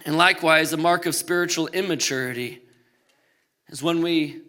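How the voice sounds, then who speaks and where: A man preaching a sermon with a high, bright voice. He moves from loud, emphatic lines to hushed, low ones and slips humorous asides between points. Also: normal speed. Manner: swings between loud emphatic peaks and quiet low passages. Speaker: pastor.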